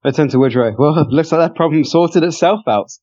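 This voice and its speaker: A man's voice: fairly high pitch, a little fast, darkish tone. A man playing a tabletop game, joking and laughing with the group. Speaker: player. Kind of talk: casual tabletop play. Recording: dull lo-fi mic.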